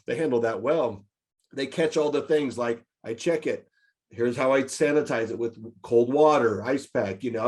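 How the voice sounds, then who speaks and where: A man leads a casual meeting of directors in a mid-pitched, everyday voice. He tells stories with energy and slips into the people in them as he goes. The talk sounds loose and friendly. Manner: lively storyteller, acts out scenarios. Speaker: meeting host, childcare director. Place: online meeting.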